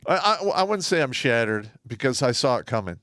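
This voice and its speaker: A man's voice: medium pitch, big pitch swings, brisk, fairly bright tone, no room sound, clean studio sound. A man in his fifties, an army veteran co-hosting a casual chat over a video call, blunt and prone to restarts.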